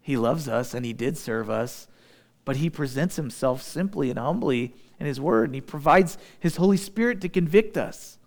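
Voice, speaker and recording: A pastor preaching a sermon, reading scripture verses and explaining them in plain, folksy asides with light humor. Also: male voice, mid-range voice, expressive, normal speed, creaky.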